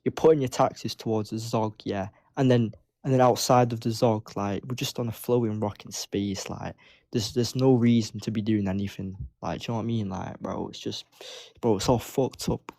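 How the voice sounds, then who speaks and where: A man from Manchester calls in with a low, dry voice. He rambles in street slang in a mock-serious way, winding up the host. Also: fairly even intonation, normal speed, gravelly, dark tone, no room sound. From Manchester, England. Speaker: caller. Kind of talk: trolling call-in banter.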